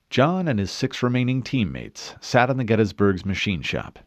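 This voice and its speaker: A man narrating an audiobook in a steady, dramatic storytelling manner. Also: on the low side, normal speed, few pauses, no room sound, clean studio sound. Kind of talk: scripted narration.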